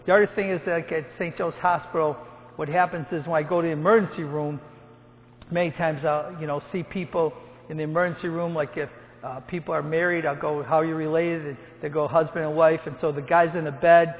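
A priest in his seventies, a hospital chaplain, telling jokey stories to his parish and acting out the quotes. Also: fairly high pitch. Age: 70s. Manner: storytelling, jokey, acts out quotes loudly. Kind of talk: humorous talk to a parish gathering. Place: church. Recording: tinny, with long hall echo.

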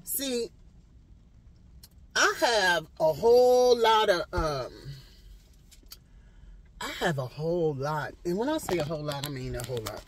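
A woman's voice: on the low side, lively intonation, unhurried, long pauses, rough recording. A woman telling a storytime vlog from her parked car outside a hospital, sassy and emphatic, repeating herself for effect, recorded on a handheld phone camera. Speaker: vlogger.

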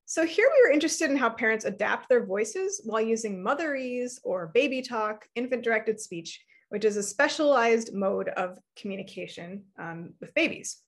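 A woman in her thirties giving an academic lecture, explaining research in a clear, measured way. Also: a little high, expressive.

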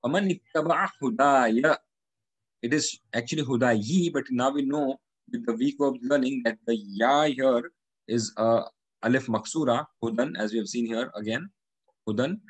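Husky man teaching Quranic Arabic grammar. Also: mid-range voice, moderate pace, dry recording, rough recording. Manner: methodical, repeats each word and its meaning.

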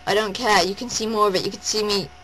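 A woman vlogging at home, gushing and rambling in a breathless, excited rush. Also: medium pitch, quick pace, slight background noise, poor audio. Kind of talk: excited personal vlog. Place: at home indoors.

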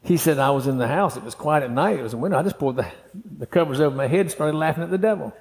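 A man's voice: a little high, racing, a little mellow. Folksy man preaching in a hall. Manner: folksy preaching, acts out quoted voices, laughs often. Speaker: pastor. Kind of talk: sermon. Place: church hall.

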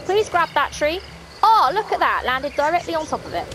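A woman giving casual let's-play commentary, excitable and gasping, talking straight to the characters on screen. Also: sits high, brisk. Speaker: gaming video host. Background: game music.

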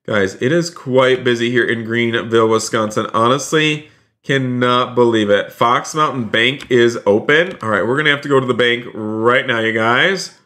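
Excitable man narrating a game stream. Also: medium pitch, moderate pace. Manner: excitable, narrates every move to viewers; repeats phrases, keeps saying "you guys". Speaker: streamer playing a roleplay game. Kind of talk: live game stream commentary.

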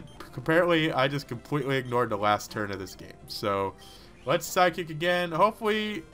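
A young man with a slightly high, bright and forceful voice runs through let's-play commentary. He jokes constantly and shouts back at the game characters, with faint music underneath. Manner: excitable, joking, talks to the game characters. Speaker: gaming YouTuber.

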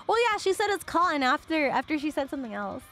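Young woman, high voice, lively swooping pitch, chatty storyteller, soft guitar music behind. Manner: animated, chatty, filler-heavy, laughs often. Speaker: streamer. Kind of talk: casual storytelling.

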